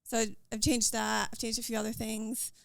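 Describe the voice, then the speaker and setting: A Scottish woman speaking quickly and earnestly as a guest in a casual conversation. Her voice sits fairly high with a gravelly, fry-tinged edge. The sound is dry and close. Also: flat delivery, dry recording. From Scotland. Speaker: podcast guest. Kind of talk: casual interview chat.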